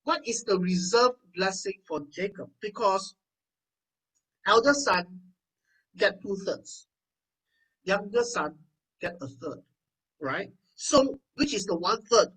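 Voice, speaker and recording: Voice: medium pitch, animated, slow, long pauses, fairly bright tone, husky, far from the mic, rough recording. A preacher giving a sermon, reading scripture aloud and breaking in with chatty asides.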